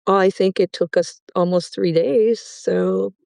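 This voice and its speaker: A woman's voice: mid-range voice, fairly even intonation, slow pace, creaky, a little mellow, dry recording. A woman with an Upper Midwest accent co-hosting a podcast over a video call, with a dry, teasing manner. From Upper Peninsula of Michigan. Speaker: podcast co-host. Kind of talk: casual chat.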